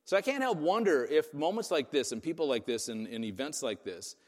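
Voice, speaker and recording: A man's voice: fairly high pitch, expressive, a little fast, darkish tone, big-room sound. A man preaching a sermon in a casual, conversational way, often asking "right?" to his listeners. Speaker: pastor.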